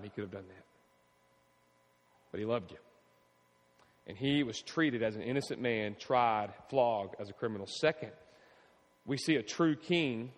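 A man's voice: medium pitch, long reverb tail. A man preaching a sermon as pastor, using emphatic repetition and rhetorical questions to the congregation.

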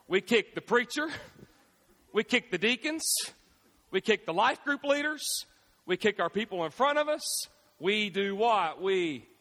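Man, pastor's sermon, very high voice, bright and forceful, call-and-response, echoey church hall. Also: measured pace, pauses often. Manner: animated, call-and-response preaching. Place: church sanctuary.

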